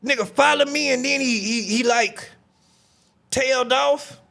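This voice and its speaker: A man hosting a live stream, telling a story in an animated, profane way and often shouting. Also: very high-pitched, measured pace, vocal fry. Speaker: streamer host. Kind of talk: casual live-stream commentary.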